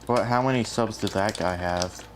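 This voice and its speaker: A man's voice: lowish voice, moderate pace, slight background noise. A man casually chatting and teasing a friend while helping build a computer. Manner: teasing, dry remarks.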